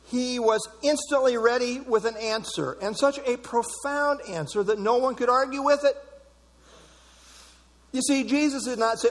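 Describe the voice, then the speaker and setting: Emphatic high-voiced male preacher. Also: moderate pace. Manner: emphatic, repeats key words for stress. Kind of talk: expository sermon. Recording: long hall reverb.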